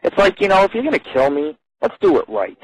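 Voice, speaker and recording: A man's voice: sits high, very animated, fast talker, breathy edge, dry recording, rough recording. A man hosting a live radio show, telling crude, rambling stories full of swearing. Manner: profane, swears constantly, rambling.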